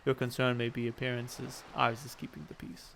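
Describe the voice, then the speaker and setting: A man reading aloud as a calm police lieutenant, clipped and matter-of-fact. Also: medium pitch, moderate pace, creaky, a little hiss or hum. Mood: dry. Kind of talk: reading game dialogue aloud.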